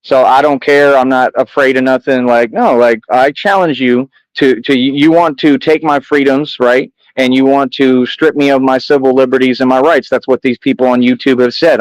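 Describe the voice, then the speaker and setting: A man's voice: mid-range voice, dry recording, low-quality recording. A man talking straight to camera as a vlogger, boastful and combative, addressing critics in heavy street slang and repeating himself. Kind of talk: defiant monologue to camera.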